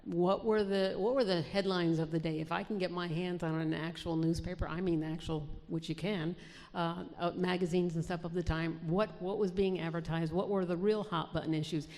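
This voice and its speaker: A woman's voice: fairly low pitch, steady tone, moderate pace, darkish tone. A woman novelist from New Jersey answering interview questions in a chatty way, with many restarts. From New Jersey, USA. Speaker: historical fiction author, guest. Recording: long hall reverb.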